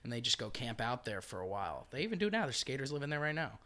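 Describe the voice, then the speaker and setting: Profane, animated male comedian storyteller. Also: mid-range voice, fast. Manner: animated, profane, acts out quotes in voices. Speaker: comedian guest. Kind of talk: casual podcast storytelling.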